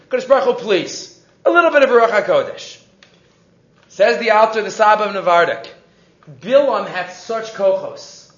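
Animated high-voiced man teaching Torah. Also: moderate pace, echoey room, lo-fi sound. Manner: animated storytelling, mixing Hebrew and English, frequent restarts. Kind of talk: weekly Torah class.

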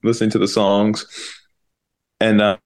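Young man, New Zealand accent, lowish pitch, rambling with fillers, video call. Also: completely flat delivery, unhurried. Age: 20s. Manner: rambling, heavy use of "like". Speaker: guest musician. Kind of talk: casual storytelling.

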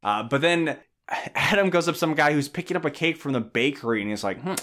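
A man's voice: on the high side, expressive, fairly bright tone. Sarcastic man recapping a movie. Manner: sarcastic, acts out characters' lines in quick put-on voices; swears casually, laughs at own jokes. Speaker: podcast co-host. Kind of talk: casual movie recap chat.

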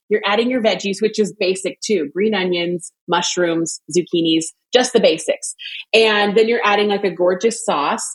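A woman guest telling a lively story and walking through a quick recipe in casual chat, with fast asides and lots of laughter. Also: mid-range voice, poor audio. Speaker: cooking guest.

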